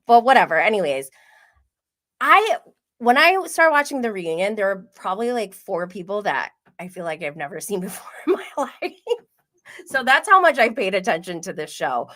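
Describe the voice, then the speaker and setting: A woman hosting a casual pop culture livestream, chatting quickly with many "like" fillers and frequent laughs. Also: medium pitch, sing-song, a bit bright. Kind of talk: casual gossip chat.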